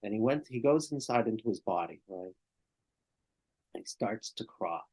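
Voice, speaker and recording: A man's voice: fairly low pitch, animated, moderate pace, a little mellow. An older male therapist telling a client story in conversation, often checking in with "right?" and "okay?".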